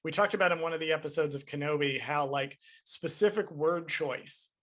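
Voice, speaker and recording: A man speaks fairly quickly in a slightly high voice while co-hosting a podcast film review. He is animated and emphatic, swearing casually as he chats.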